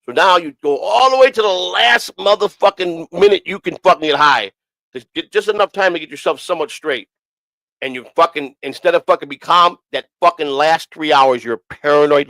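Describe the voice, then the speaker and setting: A man's voice: a little high, moderate pace, sharp tone, no echo, rough recording. A man casually telling rambling, profanity-heavy stories on a streamed talk show, often repeating himself. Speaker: podcast host. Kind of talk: casual storytelling.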